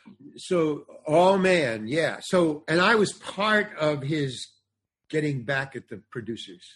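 An older comedian and actor, appearing as a podcast guest, tells a show business anecdote in a fairly high, husky voice, taking it slowly. He is animated and acts out the voices of other people in the story.

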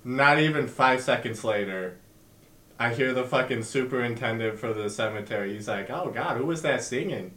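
A man's voice: mid-range voice, moderate pace, sharp tone. A man co-hosting a podcast, telling stories in a laid-back way, swearing casually. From Canada. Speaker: podcast co-host. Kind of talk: casual storytelling. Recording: roomy with faint noise.

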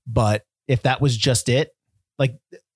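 A man co-hosting a casual movie podcast, a sarcastic and animated critic. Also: mid-range voice, unhurried, husky, no room sound. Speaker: podcast co-host.

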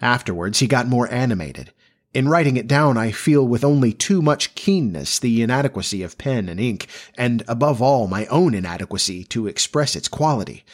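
A man's voice: medium pitch, lively intonation, normal speed. Man reading a classic novel aloud. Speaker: narrator.

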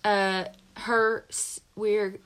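A young woman co-hosting a podcast in casual chat, talking fast and loose with lots of "like" and giggles. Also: medium pitch, flat delivery, a bit bright, smooth. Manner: chatty, fillers of "like", giggly. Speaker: podcast co-host. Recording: noisy amateur recording.

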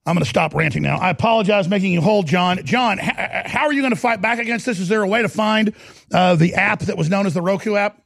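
A middle-aged man hosting a talk radio show, ranting in an excitable, loud way with bursts of shouting. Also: high voice, gravelly, no echo, studio quality. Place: radio studio.

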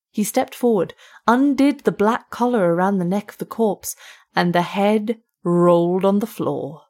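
A woman who narrates a short story and hosts the show, reading in a measured, even way. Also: medium pitch. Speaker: narrator and host.

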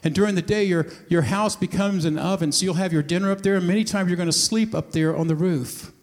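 A pastor with a high voice speaks fast in a sermon, telling a congregation a story and taking on the voices of its characters as he acts out the scene. A long reverb carries his words, sounding like a large hall.

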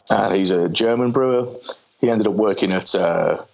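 A man's voice: lowish voice, slow, gravelly, poor audio. A man from England with a Merseyside accent, a podcast guest and former brewer, telling his story in casual, hesitant talk full of fillers. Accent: Merseyside English. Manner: rambling, hesitant, many fillers. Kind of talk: casual interview chat.

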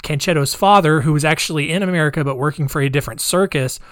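A man's voice: fairly high pitch, quick pace, a bit bright, dry recording, studio quality. A man hosting a casual storytelling podcast. He rambles, uses lots of fillers and adds sarcastic asides. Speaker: podcast host.

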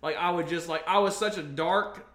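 A man's voice: sits high, normal speed, a bit bright. A young man chatting casually on a podcast, telling stories in a profane, rambling way full of restarts. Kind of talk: casual chat. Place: studio under bright lights. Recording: roomy echo.

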